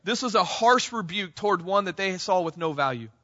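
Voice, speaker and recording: A man preaching a sermon to his church, passionate, calling out to the congregation and rising to near shouts. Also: high-pitched, expressive, a little fast, highs cut off. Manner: impassioned, rising to near shouts on quoted cries; addresses congregation as "church", frequent "right?". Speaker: pastor.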